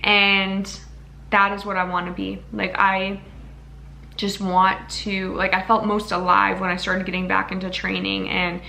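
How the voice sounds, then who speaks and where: A woman's voice: mid-range voice, monotone, measured pace, vocal fry, bright, forceful tone, slight background noise. A young woman vlogging to camera in an earnest, rambling, emotional way. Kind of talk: casual talking-to-camera vlog.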